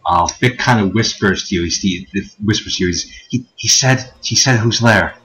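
A man narrating as game master, thinking aloud with many fillers and pauses. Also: fairly low pitch, a bit bright, lo-fi sound.

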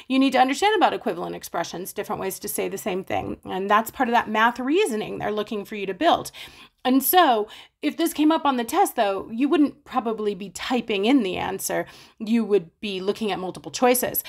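A woman's voice: mid-range voice, gravelly. A woman teaching a math lesson, chatty and playful, talking straight to her students and acting out their questions. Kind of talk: casual explaining math lesson.

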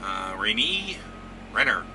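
A man's voice: fairly low pitch, very animated, takes it slowly, music in the background. A man hosting a trucking channel, chatting casually and rambling through viewer comments with lots of fillers.

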